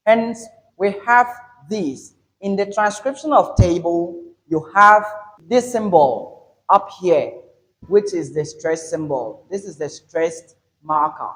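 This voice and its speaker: A man teaching an English pronunciation lesson, explaining step by step, repeating his points and stressing example words loudly. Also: sits high, animated, slow pace, poor audio.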